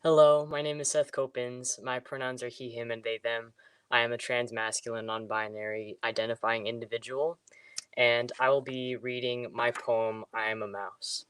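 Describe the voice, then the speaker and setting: A trans masculine person reading his own poem in a steady, earnest way. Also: medium pitch, normal speed, smooth, dry recording. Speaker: spoken word poet. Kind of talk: poetry reading.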